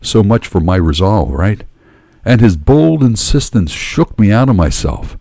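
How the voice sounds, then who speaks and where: A man tells a first-person tale with dramatic, profane flair. His low, mellow voice swings widely in pitch, and the sound is dry and close. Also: unhurried, vocal fry, no room sound. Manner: animated, profane, dramatic storytelling. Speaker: storyteller. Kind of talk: first-person story narration.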